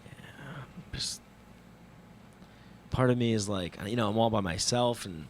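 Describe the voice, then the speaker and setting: A man hosting a podcast, telling a travel story in a casual, animated and profane monologue that mocks himself. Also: fairly low pitch, unhurried, long pauses, slight background noise. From New York. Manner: profane, animated, self-mocking retelling.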